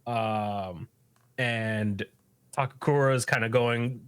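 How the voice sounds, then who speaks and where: A man's voice: mid-range voice, slow, fairly bright tone. A man hosting a podcast, recapping an episode in a loose, profane way and laughing often. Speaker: podcast host.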